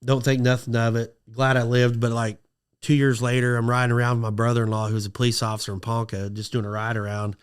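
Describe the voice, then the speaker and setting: A man telling a long story on a podcast in a casual, lively way, acting out quotes in a high excited voice. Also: quick pace, clean tone. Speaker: podcast guest.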